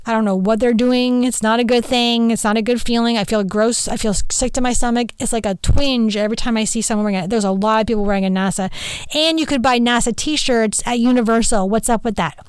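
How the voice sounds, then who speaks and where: A woman's voice: fairly high pitch, steady tone, fairly quick, clean tone, no room sound. A middle-aged woman, hosting a podcast in a casual, rambling monologue full of "like" and "right?". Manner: chatty, rambling, with frequent "like" and "right?". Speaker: podcast host and spirit mentor.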